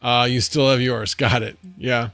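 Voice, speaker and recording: A man's voice: mid-range voice, little pitch movement, normal speed, a bit bright, no echo, faint music behind. Rambling man chatting on a livestream. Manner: rambling, answering chat, thinking aloud. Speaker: livestream host. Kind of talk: casual livestream chat. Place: home.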